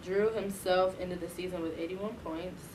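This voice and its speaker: A woman's voice: on the low side, fairly even intonation, normal speed. A young woman on a sports chat show reading out season stats in a matter-of-fact way. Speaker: researcher and intern. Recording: distant mic with background noise.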